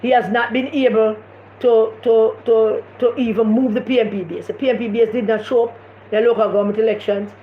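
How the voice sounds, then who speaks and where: A woman's voice: on the high side, fairly even intonation, a little fast. Impassioned Jamaican woman on a live stream. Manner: impassioned, repetitive, emphatic. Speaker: political commentator hosting a live stream. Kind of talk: casual live-stream commentary. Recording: echoey room, dull lo-fi sound, faint noise.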